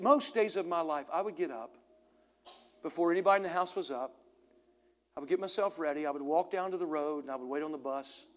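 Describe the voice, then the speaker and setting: A middle-aged pastor preaching a sermon, swinging from loud preaching to low, confessional storytelling. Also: male voice. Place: church sanctuary.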